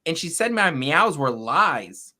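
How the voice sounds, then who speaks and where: Man, bright tense voice, video call, livestream co-host, jokey, animated. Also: on the high side, takes it slowly. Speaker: livestream co-host reading comments. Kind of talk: casual live-stream talk.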